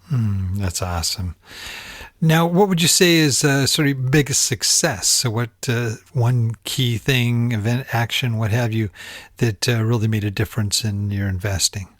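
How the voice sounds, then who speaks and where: A man hosting a podcast, asking relaxed, encouraging questions of his guest. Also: medium pitch, measured pace, no echo, clean studio sound. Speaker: podcast host. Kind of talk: casual podcast interview.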